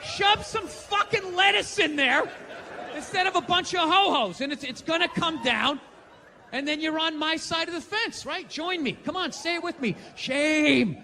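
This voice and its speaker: A male stand-up comedian, profane and ranting, shouting his punchlines during a live routine. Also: very high voice, normal speed, a faint crowd, a little hiss or hum. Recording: live theater with long reverb and faint ambience.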